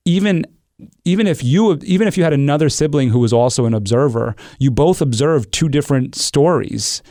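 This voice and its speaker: A man's voice: a little high, expressive, brisk, dark tone, dry recording, studio quality. A man hosting a podcast, reflective, thinking aloud as he talks through ideas. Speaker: podcast host. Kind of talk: conversational interview.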